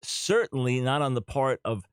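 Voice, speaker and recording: A man's voice: medium pitch, expressive, moderate pace, smooth, no room sound. A middle-aged man hosting a talk radio show, speaking earnestly and emphatically, repeating his key points.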